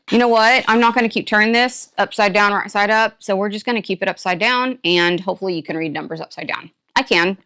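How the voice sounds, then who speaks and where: A woman's voice: medium pitch, fairly bright tone. Chatty woman in a put-on drawl. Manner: talks to viewers while opening items. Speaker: product reviewer. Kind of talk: casual unboxing review.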